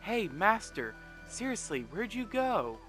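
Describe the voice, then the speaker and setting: A man reading a game's dialogue aloud as a cheerful, bubbly young woman ninja in a higher voice. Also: big pitch swings, takes it slowly, fairly bright tone, soft background music, heavily acted. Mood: perky.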